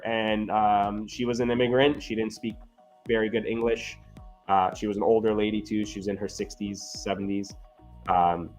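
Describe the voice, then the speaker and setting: A man who works as a physiotherapist, telling earnest stories in a casual interview and often checking in with "right?". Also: fairly low pitch. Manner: earnest, animated, frequent "right?" tags. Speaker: physiotherapist guest.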